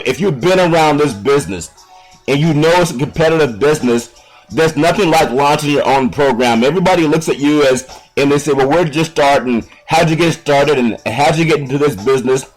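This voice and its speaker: A man hosting a casual sports radio talk show in an upbeat, folksy, rambling way, giving shout-outs to listeners. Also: a little high, rough recording.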